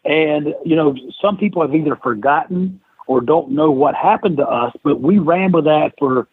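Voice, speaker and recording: A middle-aged man with a slightly high, husky voice tells a long anecdote with lively energy, putting on the voices of people in his story. He sounds like he is on a narrow, tinny phone-like line with a dry, close sound. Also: moderate pace, no echo. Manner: animated anecdote-telling, acts out others' lines. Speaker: podcast guest, former wrestler. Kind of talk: casual storytelling interview.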